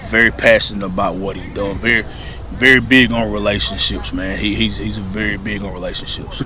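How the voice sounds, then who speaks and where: A man, a high school football coach, answering interview questions outdoors in a plain, matter-of-fact way with many fillers.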